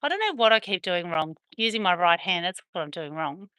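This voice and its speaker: A woman's voice: on the low side, sing-song, brisk, bright, forceful tone, clean tone, dry recording. Chatty woman, dry close sound. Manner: chatty, playful, teasing. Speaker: vlogger. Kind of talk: casual chat to camera and to her dogs. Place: outdoors on a farm.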